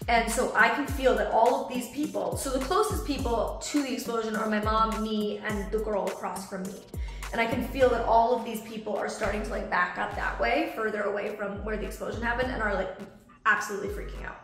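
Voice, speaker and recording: Young woman vlogger, fairly high voice, echoey room, faint music behind. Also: a little fast. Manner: animated storytelling, acts out quoted voices. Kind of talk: storytime vlog. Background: soft background music.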